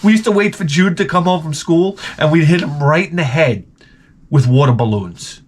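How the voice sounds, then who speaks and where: A man's voice: a little high, moderate pace. A man telling crude stories with a comic edge, rambling and laughing a lot, and acting out the lines of the people in them. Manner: crude, rambling, laughs often, acts out quotes. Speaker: vlogger. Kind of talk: profane comic storytelling.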